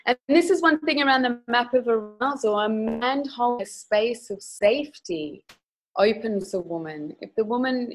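A woman's voice: on the high side, moderate pace, rough recording. A woman speaking as a sex educator guest in a candid podcast interview, frank and emphatic as she tells stories.

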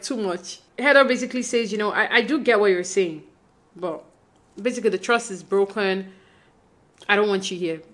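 A woman casually recapping a reality show reunion, animatedly acting out what others said. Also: fairly high pitch. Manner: animated retelling, acting out quotes. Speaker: reality TV commentator.

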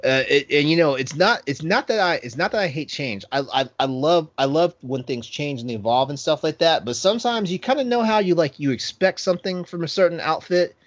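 A man's voice: a little high, animated, a little fast, hardly any pauses, dry recording, dull audio. A man chatting casually, hesitant and full of restarts, laughing easily. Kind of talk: casual podcast chat.

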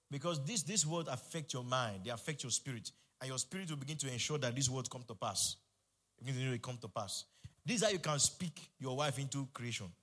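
Fervent preacher man. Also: a little high. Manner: fervent preaching, call-and-response, rising to shouts. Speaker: pastor. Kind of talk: sermon.

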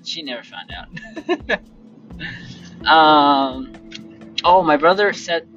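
Podcast host, casual storytelling, animated, laughs often, slow pace, dull lo-fi memo. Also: medium pitch, soft background music. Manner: animated, laughs often, acts out quotes loudly.

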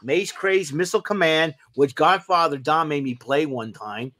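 A man's voice: fairly high pitch, normal speed, a bit bright. Rambling enthusiastic man on a podcast. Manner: rambling, enthusiastic show-and-tell with many fillers. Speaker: podcast co-host. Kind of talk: casual chat.

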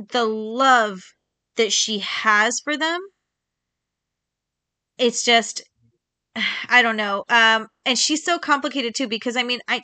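Bright, chatty woman hosting a book podcast. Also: medium pitch, no room sound. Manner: chatty, emphatic, repeats herself for stress, many ums; quick laughs between points. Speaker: podcast host. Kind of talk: casual solo book chat.

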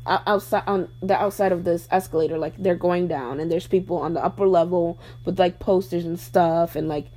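A young woman co-hosting a casual chat, talking in an animated, slangy way and slipping into mock voices. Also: on the low side, fairly quick, few pauses. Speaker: podcast co-host.

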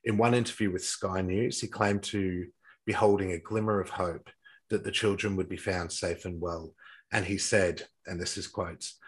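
Deep husky male host, casual true-crime retelling, trips over his notes. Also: fairly even intonation, normal speed, low-quality recording. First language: not English-accented, says his English accent is poor. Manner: reads from notes, stumbles and restarts often.

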